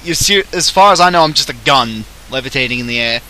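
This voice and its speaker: Bright-voiced joking Australian man. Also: mid-range voice, lively intonation, quick pace, slight background noise, poor audio. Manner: jokey, self-mocking, theatrical. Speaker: streamer host. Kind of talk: casual gaming livestream chat.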